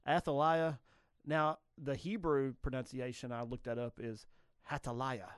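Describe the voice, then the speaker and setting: A man's voice: medium pitch, normal speed, smooth, no echo, studio quality. A man hosting a radio trivia show in a casual, rambling way, often correcting himself and laughing.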